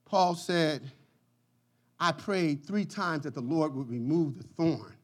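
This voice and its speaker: A pastor preaching a sermon with passion, swinging from quiet lines to shouts and breaking into laughter and jokes. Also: male voice, on the high side, slow pace, breathy edge.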